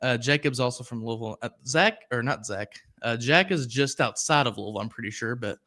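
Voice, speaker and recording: A young man hosts a live sports podcast in a loose, rambling way. He drifts into tangents and reads out viewer comments between his points. His voice is bright and carries well at a middling pitch. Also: fast, hardly any pauses. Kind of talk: casual live-stream commentary.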